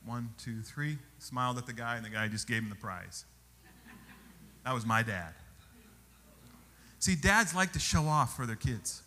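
A male pastor preaching a sermon, telling stories with animated exclamations. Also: mid-range voice, unhurried, pauses often. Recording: long hall reverb.

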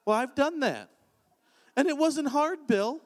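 A man delivers a sermon in a lively, conversational manner. His voice sits high for a man. The sound rings with a long reverb from a church sanctuary. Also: measured pace. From Canada. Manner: animated, conversational preaching with acted-out quotes. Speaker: pastor.

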